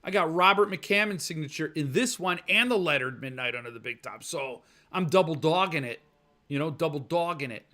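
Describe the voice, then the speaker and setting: The host, a man, speaks a little fast in a high-leaning, animated voice that's bright and forceful. His podcast is a rambling, jokey rant through viewer comments, full of goofy mock voices.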